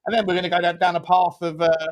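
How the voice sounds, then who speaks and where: Guy hosting a stream, talks super fast, high voice, swears a lot. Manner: rapid, excitable, swears freely. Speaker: show host. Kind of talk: casual live-stream chat.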